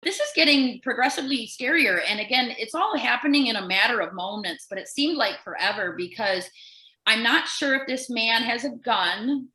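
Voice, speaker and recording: Here the nurse who co-hosts the podcast speaks at normal speed in a somewhat high voice, animatedly voicing the people in her casual story. Her recording has a roomy sound and low quality.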